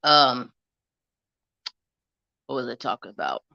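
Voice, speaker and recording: A man's voice: mid-range voice, big pitch swings, slow, gravelly, pushed and bright, muffled recording. A man hosting a casual crafting live stream, rambling through a story and getting heated as he retells an argument.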